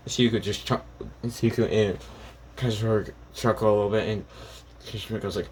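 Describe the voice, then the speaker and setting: A man casually retelling a fan story out loud, rambling with many fillers and self-corrections. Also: fairly low pitch, steady tone, moderate pace, a little hiss or hum, rough recording.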